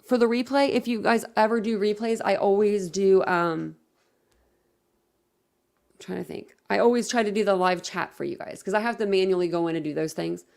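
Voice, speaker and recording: A woman's voice: mid-range voice, moderate pace, vocal fry, darkish tone. A woman hosting a casual livestream, rambling and chatting while reading viewer comments aloud. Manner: rambling, chatty, many fillers and self-corrections. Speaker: livestream host.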